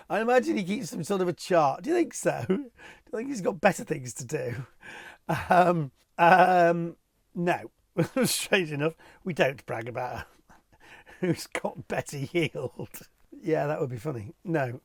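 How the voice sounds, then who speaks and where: A man's voice: a little high, vocal fry, breathy edge, no echo. A middle-aged man, a television property presenter, answering viewer questions in a casual, playful way and chuckling often. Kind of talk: casual chat.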